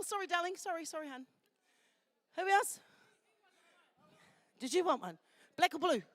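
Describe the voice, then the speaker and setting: Sitting high in pitch and recorded without echo, a New Zealand-accented woman hosts a live festival. She hands things out and makes announcements, staying chatty and affectionate and addressing people as darling.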